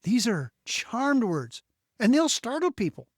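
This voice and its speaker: A man hosting a solo inspirational podcast as a bishop, with a slow, emphatic, preacherly cadence. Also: very high voice, sing-song, dry recording, clean studio sound.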